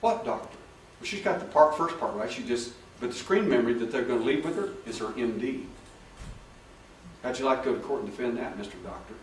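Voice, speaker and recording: A man telling case stories to an audience as a hypnotherapist, acting out the dialogue in raised voices. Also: medium pitch. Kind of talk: talk with audience questions. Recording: echoey room, far from the mic, faint noise.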